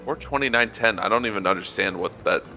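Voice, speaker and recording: A man's voice: lowish voice, quick pace, over music. A man chatting bluntly and wryly with friends on a gaming stream. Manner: wry, blunt. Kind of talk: casual gaming stream chat.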